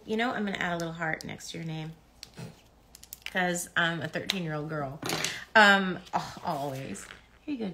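A woman's voice: medium pitch, gravelly, a bit bright, slight background noise. A middle-aged woman chatting casually on a live stream while she signs autographs, bubbly, reading comments aloud with lots of ums.

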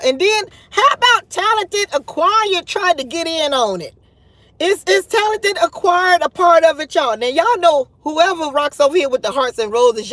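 High-voiced woman, dramatic livestream host. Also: fairly bright tone, no room sound. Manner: dramatic and exasperated, addresses viewers directly; sighs and laughs often, swears casually. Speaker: channel host. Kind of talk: livestream gossip commentary.

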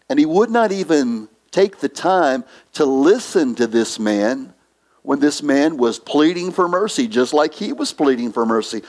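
A male pastor preaching a sermon in a church, slow and emphatic, repeating phrases for weight. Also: on the high side, big pitch swings, a little mellow.

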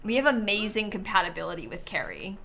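A woman streamer chats casually while playing a life-sim game, thinking aloud and sounding a little sleepy, even yawning. Her medium-pitched voice is sing-song and gravelly with a sharp tone, and she talks fast.

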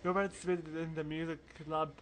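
A man's voice: on the high side, little pitch movement, brisk, fairly bright tone. A man hosting a let's play, giving casual game commentary with joking, laughing asides.

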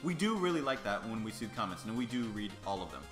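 A young man hosting a casual co-op let's play, excitable and full of playful trash talk. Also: lowish voice, fast talker. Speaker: gaming channel host. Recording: echoey room with game music.

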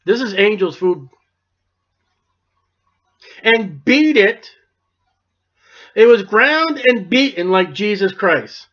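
A man's voice: high voice, expressive, a little slow, hardly any pauses, fairly bright tone. A male pastor preaching a sermon, explaining scripture in a folksy, wry manner. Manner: folksy, wry Bible commentary. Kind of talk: expository sermon. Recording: dull lo-fi recording.

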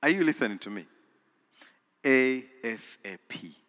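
A man preaches a sermon in a large cathedral, his voice bright and forceful, with pitch that climbs and falls a great deal. He drops to hushed lines, then rises to loud, repeated, emphatic phrases. Long hall reverb trails after every word. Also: animated, unhurried. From Uganda.

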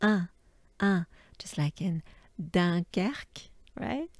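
A French woman with a French accent teaching pronunciation, drilling words slowly and often dropping to breathy whispered demonstrations. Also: medium pitch, mellow, no echo. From France. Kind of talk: slow pronunciation lesson.

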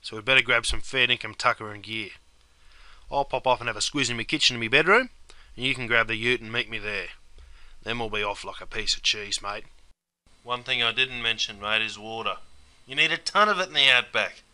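A man's voice: medium pitch, a little fast, bright, forceful tone. A man with an Australian accent giving scripted comedic narration about slang, drawling and calling the listener mate. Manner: drawling, tacks "mate" onto phrases, broad slang. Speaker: host and teacher of Australian slang.

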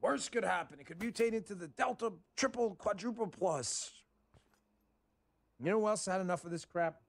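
A man's voice: high-pitched, normal speed, creaky, no echo. Frustrated man ranting as host. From Texas. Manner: frustrated, emphatic, repeats himself. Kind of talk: political commentary over gameplay.

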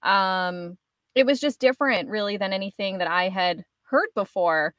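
A woman's voice: medium pitch, moderate pace, a bit bright, dry recording, studio quality. A woman hosting an interview, chatting eagerly with lots of fillers. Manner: enthusiastic, chatty, frequent laughs and fillers. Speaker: podcast host. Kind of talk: casual interview chat.

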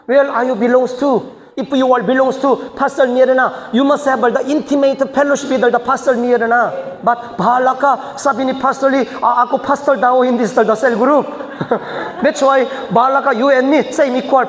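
High-voiced man preaching in echoey hall. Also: fairly even intonation, normal speed. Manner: choppy non-native phrasing, emphatic bursts. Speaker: senior pastor. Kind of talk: teaching seminar sermon.

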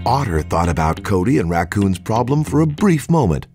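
Man, storybook narrator, sing-song, very animated pitch, gravelly, music behind. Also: moderate pace, hardly any pauses. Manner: warm, expressive, sing-song read-aloud.

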